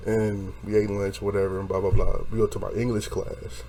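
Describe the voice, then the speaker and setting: Animated, laughing young man telling a story. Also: on the low side, fairly quick, slight background noise. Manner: animated, profane, laughing, acts out quotes. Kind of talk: casual storytelling chat.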